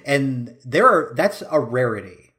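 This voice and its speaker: A man's voice: medium pitch, big pitch swings, measured pace, sharp tone. A man co-hosting a podcast, chatting enthusiastically about films. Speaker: podcast co-host. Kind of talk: casual film discussion.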